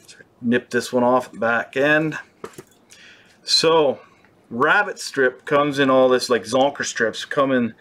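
A man's voice: mid-range voice, slow pace, sharp tone. A young man hosting a fly-tying show, who keeps it casual and makes playful, self-mocking jokes as he works. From British Columbia, Canada. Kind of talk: casual joking tutorial.

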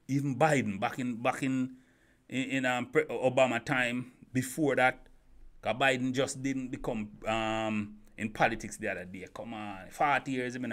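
A YouTube commentator delivers an opinion monologue, firing off rhetorical questions, repeating himself, and stumbling over restarts. His voice is medium-pitched.

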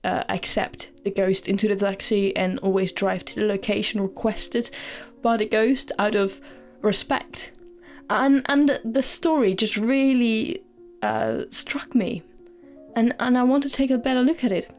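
A woman's voice: fairly high pitch, a little mellow. A woman hosting a storytelling podcast, talking earnestly and respectfully, with many fillers and restarts. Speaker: podcast host.

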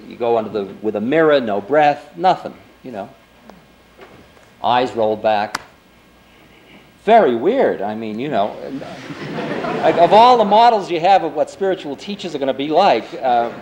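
A man's voice: mid-range voice, a little mellow, muffled recording, a little hiss or hum. A man in his forties, a spiritual teacher giving a lecture, telling a story in a loose, conversational way full of "you know" and "I mean". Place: lecture before an audience.

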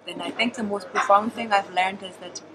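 A woman comedian with a Scottish accent, chatting in an interview and telling stories with emphatic, animated delivery. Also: medium pitch, brisk, crowd noise, rough recording. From Scotland. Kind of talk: casual interview chat.

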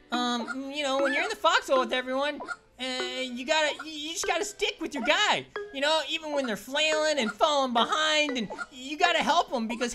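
A performer voicing an upbeat, goofy male cartoon grape who hosts a let's play with excitable, punning commentary and yelps. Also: sits high. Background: background game music.

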